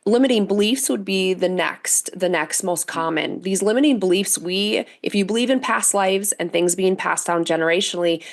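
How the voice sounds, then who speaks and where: Woman, forties, interview guest, earnest, animated storyteller. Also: medium pitch, moderate pace, hardly any pauses. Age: 40s. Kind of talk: interview conversation.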